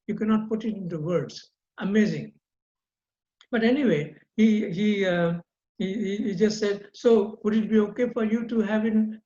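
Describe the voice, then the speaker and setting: An older man, a guest recounting personal memories in an earnest, halting way with frequent repeated words. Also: high voice, a little mellow. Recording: roomy, dull lo-fi sound.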